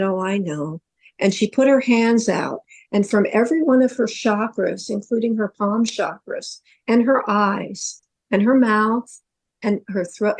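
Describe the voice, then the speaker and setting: A middle-aged woman with a mid-range voice, a psychic medium who co-hosts a podcast, earnestly describes a vivid dream in a casual storytelling way.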